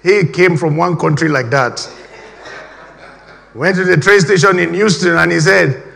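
A middle-aged man preaching an animated sermon, repeating his key phrases. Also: a little high, measured pace, vocal fry. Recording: reverberant hall.

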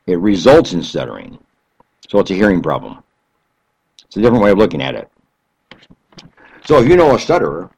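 A man with a husky, lower voice explains his subject in a slow, deliberate way. His pitch rises and falls a great deal as he stretches out the phrases he wants to stress. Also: darkish tone, poor audio. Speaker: speaker explaining stuttering. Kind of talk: explanatory talk.

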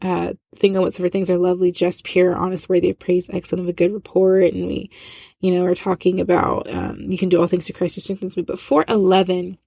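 A woman's voice: on the low side, monotone, a little fast, creaky, mellow, breathy edge, dry recording, studio quality. A woman giving an earnest, conversational devotional talk, with frequent fillers and restarts. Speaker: christian speaker.

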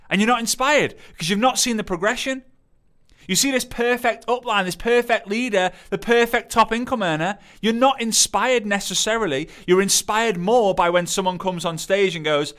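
Bright, crisp-voiced male motivational speaker. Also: high-pitched, moderate pace. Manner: animated, acts out quotes in playful voices. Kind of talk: motivational talk.

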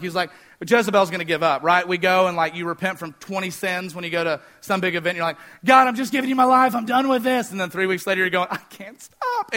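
High, bright-voiced young preacher. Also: male voice. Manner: animated storytelling, asks the audience questions. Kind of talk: sermon.

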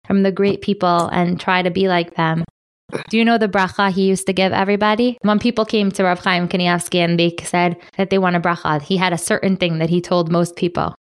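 A woman's voice: on the low side, fairly even intonation, fairly quick. Enthusiastic woman hosting a kids' panel. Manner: enthusiastic, encouraging, exclaiming; sprinkles Yiddish and Hebrew words. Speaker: host interviewing children. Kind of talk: friendly children's panel interview.

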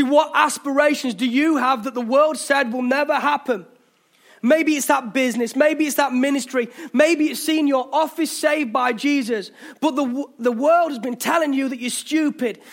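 A man with an English accent preaching a passionate sermon in a church, urging listeners on, with jokey asides. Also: very high voice. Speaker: pastor. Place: church hall.

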